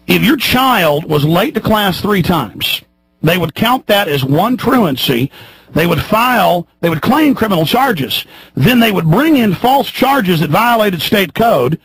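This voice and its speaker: A radio talk show host in his thirties delivering a heated, fiery monologue, swinging between shouts and low mutters. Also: very animated, measured pace, husky, rough recording. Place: radio studio.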